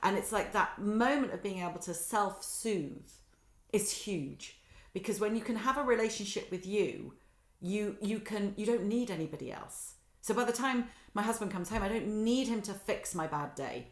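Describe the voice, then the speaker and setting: A middle-aged female guest with a medium-pitched, animated voice speaks at a normal speed. Her talk is reflective and conversational, peppered with acted-out quotes and self-directed laughter, and the recording has a roomy echo.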